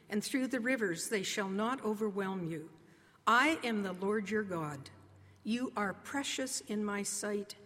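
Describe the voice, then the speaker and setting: A woman's voice: mid-range voice, a bit bright. Woman preaching in a reverberant church. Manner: earnest, conversational preaching with slow emphatic pauses. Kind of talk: sermon. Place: church sanctuary. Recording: long reverb of a large hall.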